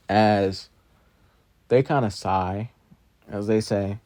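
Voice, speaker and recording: A man telling an improvised fan story, rambling along with loose fillers as he goes. His voice is on the low side and the recording is dry and close. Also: steady tone, normal speed, dark tone, dry recording. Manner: rambling, fillers like kinda and you know.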